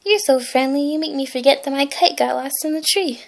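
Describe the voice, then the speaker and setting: A woman's voice: high-pitched, brisk, gravelly. A woman voicing a sweet, friendly little girl while reading a storybook aloud, eager and kind.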